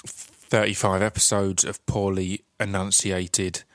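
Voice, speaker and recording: A man with an Essex accent talks casually through his podcast intro. His voice sits a little low and comes across dry and close. He rambles along, with plenty of ums and restarts. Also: little pitch movement, takes it slowly, no echo. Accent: Essex English. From Essex, England. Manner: chatty and rambling, with many fillers and restarts. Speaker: podcast host.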